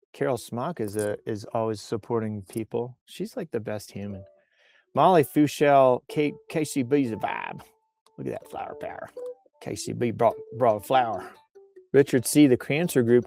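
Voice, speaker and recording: A man's voice: mid-range voice, vocal fry, mellow. A man hosting a news show as a casual livestream chat, rambling and joking playfully. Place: outdoors on a bluff while on vacation.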